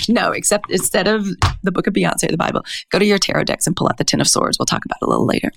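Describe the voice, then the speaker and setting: A woman from Mississippi co-hosting a podcast, talking candidly and with feeling, with lively asides. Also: mid-range voice, fast talker, gravelly, hardly any pauses, dry recording, studio quality. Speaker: podcast co-host. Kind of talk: casual podcast chat.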